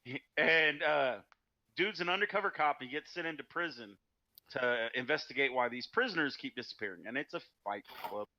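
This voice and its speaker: A man playing a tabletop game, casually telling jokes to his friends in an animated way, laughing as he goes. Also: mid-range voice, brisk, lo-fi sound. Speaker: player. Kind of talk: casual chat, joke telling.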